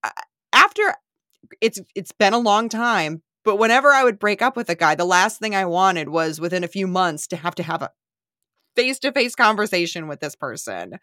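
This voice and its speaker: A woman co-hosting a podcast in an animated, chatty way. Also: mid-range voice, normal speed, dry recording, clean studio sound. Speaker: podcast co-host. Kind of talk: casual recap chat.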